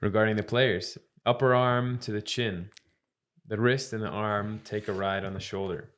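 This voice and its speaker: Male co-host, slightly low voice, reads a list of tips in a casual way. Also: steady tone, moderate pace, a bit bright, clean tone. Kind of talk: casual podcast chat.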